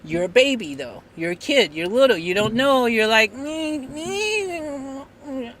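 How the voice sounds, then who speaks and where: A live-stream host chatting casually with viewers, telling stories in a rambling, animated way. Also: medium pitch, normal speed, crowd noise. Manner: rambling, animated storytelling with restarts. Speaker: livestream host.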